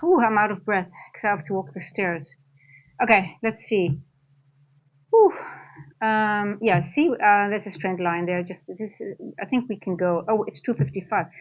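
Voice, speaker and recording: A woman's voice: fairly low pitch, dull audio. A woman trading coach giving chatty live-stream market commentary, thinking aloud as she reads the charts.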